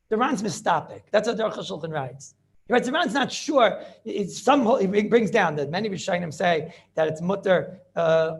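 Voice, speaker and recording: A man, a rabbi, giving a Talmud study lecture in an animated way, repeating phrases and asking and answering his own questions. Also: high voice, vocal fry. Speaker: rabbi teaching a class.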